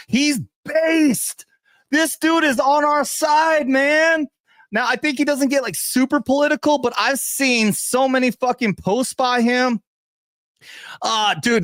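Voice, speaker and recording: Veteran guy host, cussing and chuckling, slightly high voice, dry close sound. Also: a bit bright, dry recording. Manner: swears constantly, laughs at own jokes. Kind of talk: casual profane commentary rant.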